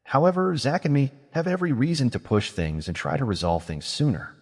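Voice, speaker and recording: A man's voice: mid-range voice, very animated, fairly quick, darkish tone, breathy edge, big-room sound, pitched above the performer's own voice. A man voicing a blunt young male mage who presses his point insistently.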